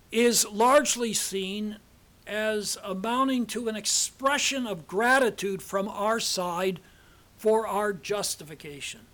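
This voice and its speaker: Older male professor, measured lecture delivery, higher-pitched voice, deliberate pauses. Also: fairly bright tone. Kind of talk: theology lecture. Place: seminar hall.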